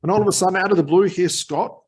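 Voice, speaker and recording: A man's voice: sits high, quick pace, a little mellow. A man with a slightly raised voice teaches hypnotherapy practice, talking straight to the viewer. He stresses his points and briefly plays out client exchanges. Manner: emphatic, acts out short quoted exchanges with clients. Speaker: hypnotherapy trainer. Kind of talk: direct-to-camera teaching talk.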